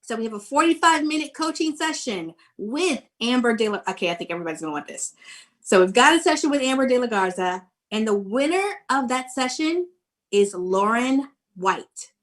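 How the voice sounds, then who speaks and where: Upbeat middle-aged lady hosting an online event, highish voice, gushes and giggles a lot. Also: expressive, a little fast. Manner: bubbly, effusive, laughs often. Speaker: host of a virtual conference. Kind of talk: lively live-stream giveaway hosting.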